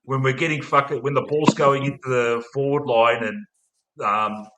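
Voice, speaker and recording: A man's voice: mid-range voice, steady tone, moderate pace, background noise. An Australian man hosting a casual podcast chat, rowdy and sweary, ending nearly every line with "mate". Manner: rowdy, swears a lot, ends lines with "mate". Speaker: podcast host.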